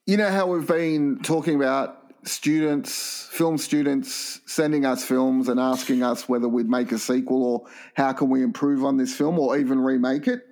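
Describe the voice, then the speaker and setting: A man co-hosting a comedy podcast, pitching absurd ideas in a deadpan way. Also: normal speed, few pauses. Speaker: co-host.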